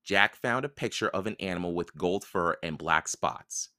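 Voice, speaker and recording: A man reading a children's chapter book aloud for a podcast, in calm, even storytelling narration. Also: low-pitched, normal speed, dry recording, studio quality. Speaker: podcast reader.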